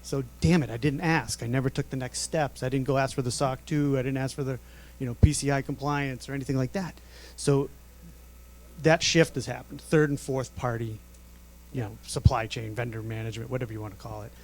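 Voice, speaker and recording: Man, panelist, mid-pitched, candid, conversational. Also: steady tone, brisk, a little mellow. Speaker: conference panelist. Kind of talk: panel discussion. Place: conference stage.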